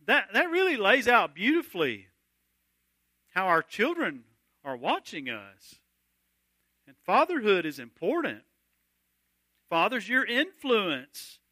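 A man's voice: high-pitched, sharp tone, no echo. A man preaching a sermon to fathers, reciting a country song's lyrics in his talk. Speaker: pastor.

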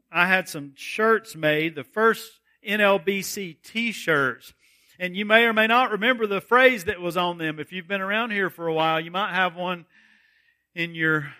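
A man preaching a sermon, reading scripture aloud in a deliberate way. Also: fairly high pitch, sharp tone. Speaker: pastor.

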